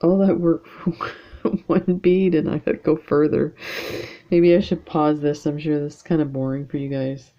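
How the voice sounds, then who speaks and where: In a low-pitched, flat voice at normal speed, a woman from Canada rambles chattily to viewers while beading at home, dropping in lots of fillers. She runs a beading channel, and the audio is dull.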